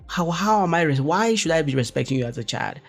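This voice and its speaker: A man's voice: a little high, lively intonation, fast, faint music behind. A young man hosts a casual solo podcast, rambling and correcting himself as he goes. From West Africa. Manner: rambling, self-correcting, joking, exclaims in quoted reactions. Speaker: podcast host.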